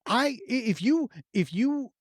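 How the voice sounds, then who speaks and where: Unhurried and very high-voiced, a man hosting a podcast tells a story with enthusiasm and lots of cursing. This casual chat has studio quality and no echo, and his storytelling is animated.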